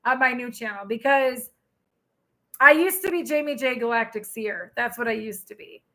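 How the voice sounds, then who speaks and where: A woman tarot reader hosts a live stream, talking in a lively, chatty way and answering her viewers as she goes. Her voice sits high and sounds bright and forceful. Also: moderate pace. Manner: chatty and animated, reads out and answers viewer comments.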